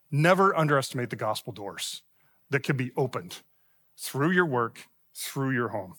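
A man's voice: medium pitch, a bit bright. A middle-aged man preaching a sermon in a church, telling a personal story in a conversational way and acting out the voices he quotes. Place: church sanctuary.

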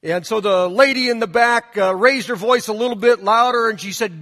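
A male pastor with a high, light voice preaches and reads scripture in a conversational, storytelling manner. His words hang in the long reverb of a church sanctuary. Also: normal speed, fairly bright tone. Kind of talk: sermon with scripture reading.

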